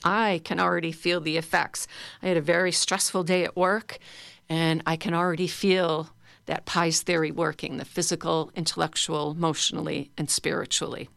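A middle-aged woman leading a guided laughter exercise class, playful, breaking into high silly laughs and fake sneezes. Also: level tone, moderate pace, gravelly, a bit bright, no echo. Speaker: laughter yoga leader.

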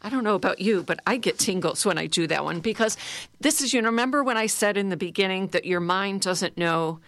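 A middle-aged woman leading a guided laughter exercise class, playful, breaking into high silly laughs and fake sneezes. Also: animated, fairly quick, fairly bright tone, no echo. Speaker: laughter yoga leader.

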